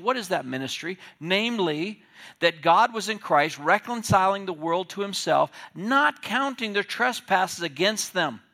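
Man preaching, fairly high and bright, gets loud then goes real quiet. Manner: impassioned preaching, swinging from loud emphatic peaks to low hushed asides. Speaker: pastor. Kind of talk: sermon.

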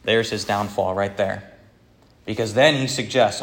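A man's voice: fairly low pitch, steady tone, unhurried. A man preaching a sermon as pastor, earnest and conversational, with occasional hesitations. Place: church.

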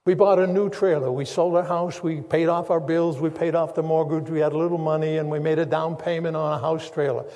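An older man preaches from the pulpit in a high-pitched voice. He tells his story earnestly and circles back on key phrases for emphasis. His voice carries a long reverb through a church sanctuary. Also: fairly even intonation, fairly quick, hardly any pauses, mellow. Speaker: pastor. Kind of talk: sermon testimony.

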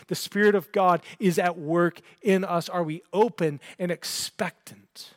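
Male pastor, sermon delivery, high-pitched, earnest, repeats himself to build emphasis. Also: fairly even intonation, measured pace, hardly any pauses, dry recording. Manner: earnest, repeats words when building a point. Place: church sanctuary.

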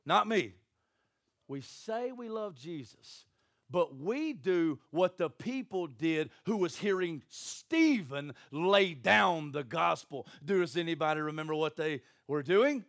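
Lively man preaching with high pitch. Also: takes it slowly. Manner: animated, jokey storytelling with acted voices. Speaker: pastor. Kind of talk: sermon. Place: church.

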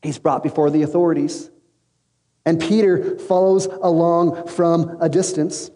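High-voiced preacher in a reverberant hall. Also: male voice, a little slow. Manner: storytelling, casual slang, lively acted quotes. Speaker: pastor. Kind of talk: sermon. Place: large room with an audience.

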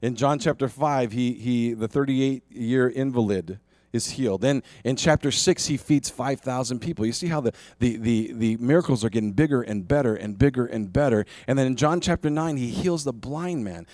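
Male pastor, lively conversational sermon, dry close sound, plenty of rhetorical questions. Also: medium pitch, moderate pace, hardly any pauses, dry recording.

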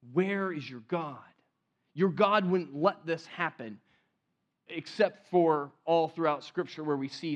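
High-voiced conversational pastor. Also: male voice. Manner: conversational, repeats and restarts phrases, drops to a hushed voice for emphasis. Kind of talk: sermon.

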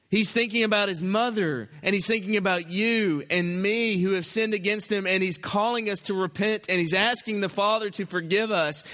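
Man, pastor, sermon, emphatic short phrases, long hall reverb. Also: high-pitched. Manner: slow, emphatic preaching in short phrases, dropping to hushed.

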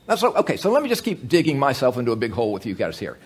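A man preaching a sermon, joking with the congregation and telling animated stories, with many fillers and restarts. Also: sits high, racing, few pauses, husky.

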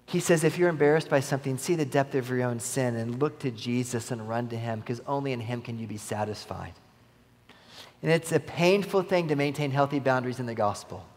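A male pastor preaching a sermon in a church, earnest and conversational, with emphatic quoted lines. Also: mid-range voice. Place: church sanctuary. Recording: long church reverb.

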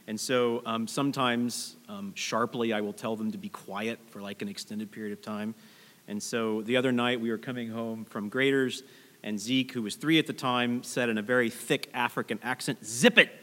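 Pastor guy in his 30s giving a chatty storytelling sermon, mid pitch, big echoey church hall. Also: a bit bright. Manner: conversational, storytelling with asides to the congregation. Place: church sanctuary.

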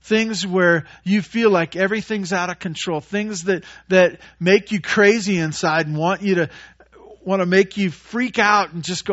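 A man preaching a sermon as pastor, animated, acting out the voices of the people in his story. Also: sits high, normal speed, highs cut off. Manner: animated, acts out voices of Jesus and disciples.

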